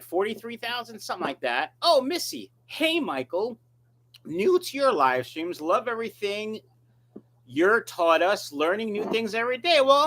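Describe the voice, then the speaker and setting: A man chatting casually on a live stream, reading out viewer comments and riffing on them with jokes at his own expense. His pitch swings around a lot as he talks, rambling from one remark to the next. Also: bright, forceful tone. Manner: joking, rambling, self-mocking. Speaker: fish breeder hosting a live stream.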